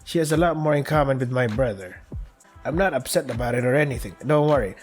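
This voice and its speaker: A friendly young protagonist talks casually and cracks self-conscious jokes, as a man reads the part aloud in a visual novel playthrough. The voice sits at an ordinary middle pitch. Faint music plays behind it. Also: fast talker, natural voice.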